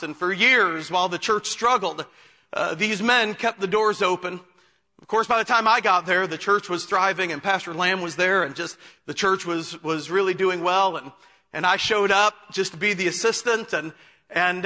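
A man's voice: sits high, moderate pace, pushed and bright. A man preaching a sermon as pastor, telling a story and then building to fervent preaching. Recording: long hall reverb.

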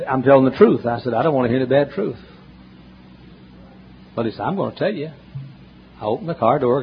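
A man preaching a sermon, telling folksy stories and swinging between loud emphatic questions and hushed asides, in a church. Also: mid-range voice, slight background noise. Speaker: pastor. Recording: dull lo-fi sermon recording, faint ambience.

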